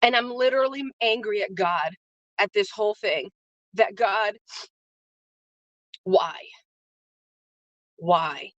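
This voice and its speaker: A woman's voice: medium pitch, slow pace, long pauses, fairly bright tone, no echo, dull audio. Earnest woman speaking live, dry sound. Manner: earnest and emotional, repeats phrases for emphasis; greets chat viewers by name. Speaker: livestream host and faith-based business coach. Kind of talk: live-streamed motivational talk.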